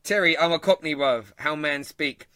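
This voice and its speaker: A man's voice: a little high, moderate pace, pushed and bright, no room sound, clean studio sound. Laid-back London man hosting a football show. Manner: laughs often, banters with chat. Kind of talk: casual live-stream chat.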